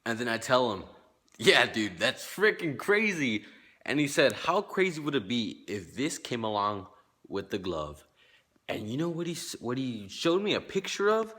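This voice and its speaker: A man's voice: medium pitch, fairly bright tone. A man telling a personal story to his vlog viewers in a rambling, repetitive way, full of casual slang and quoted back-and-forth. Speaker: fan vlogger.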